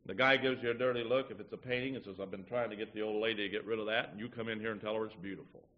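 A man's voice: lowish voice, steady tone, very fast, dull audio. A man preaching a folksy sermon to his church, acting out little everyday dialogues as he teaches. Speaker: pastor.

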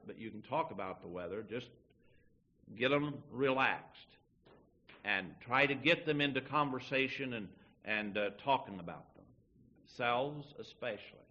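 A man's voice: on the low side, normal speed, a little hiss or hum. Folksy preacher guy doing the voices, dull old tape sound. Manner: folksy, acts out little dialogues. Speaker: pastor. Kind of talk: sermon.

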